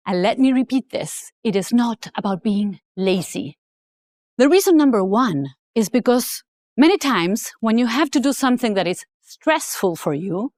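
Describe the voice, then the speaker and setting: Animated woman telling a motivational story. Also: fairly high pitch, dry recording. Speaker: author and speaker. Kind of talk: motivational talk with personal story.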